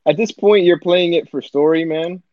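A young man in casual chat, excitable, swearing and saying man a lot. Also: on the high side, moderate pace, dry recording. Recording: slightly dull sound.

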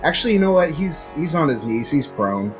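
A man's voice: on the high side, sing-song, brisk. A man narrating as game master in a loose, jokey way, with faint music behind. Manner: loose, jokey, restarts often.

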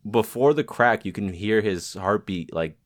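A man's voice: on the low side, moderate pace. A young man co-hosting a casual chat about a film, rambling with many fillers and laughing often. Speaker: podcast co-host.

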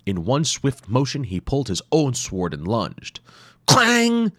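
A deep-voiced male storyteller reads an action tale with lively, swooping intonation. He voices the sound effects himself, recorded close in a dry room. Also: normal speed, slightly rough, no echo. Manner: dramatic, with acted sound effects. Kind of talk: scripted adventure narration.

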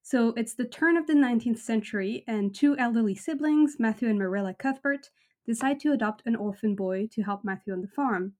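A woman hosting a casual podcast chat, reading book extracts aloud with lively expression and laughing often. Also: a little high, fairly quick. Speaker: podcast host.

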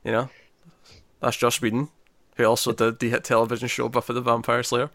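Here a man with a mid-range, slightly bright voice speaks fairly quickly but in a monotone, with vocal fry. He's a podcast co-host ranking movies in a casual chat, enthusiastic, frequently laughing and starting sentences over. The sound is dry and clean, as in a studio.

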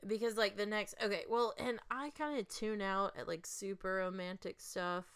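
A woman's voice: medium pitch, steady tone, moderate pace, a bit bright, clear, resonant tone. A woman co-hosting a casual podcast chat, sharing trivia with a chatty, laughing manner. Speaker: podcast co-host.

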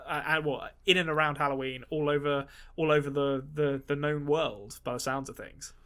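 A man's voice: a little high, fairly even intonation, moderate pace, fairly bright tone, smooth. A man co-hosting a movie podcast in casual chat, rambling and swearing freely with many restarts. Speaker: podcast co-host.

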